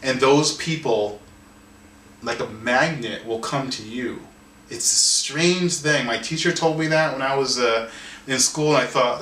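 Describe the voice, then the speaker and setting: A man, an artist and author, telling a story in an interview in an animated way, often restarting and repeating words. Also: mid-range voice, unhurried, slight background noise. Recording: roomy sound from a distance, faint ambience.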